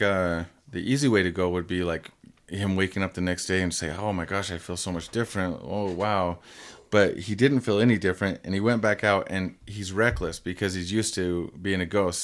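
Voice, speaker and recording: A young man in casual conversation about comics, talking in a loose, rambling way with lots of fillers. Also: low voice. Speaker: comic book discussion co-host. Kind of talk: casual chat.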